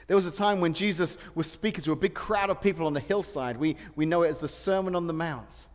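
A pastor preaching a sermon, telling humorous personal stories and laughing often. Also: male voice, high voice, fairly quick, few pauses. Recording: long hall reverb.

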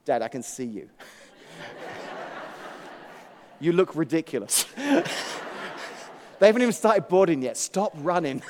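A middle-aged man, giving an animated, self-mocking storytelling devotional talk and laughing often. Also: on the high side, slow, pauses often, a little hiss or hum. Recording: long hall reverb.

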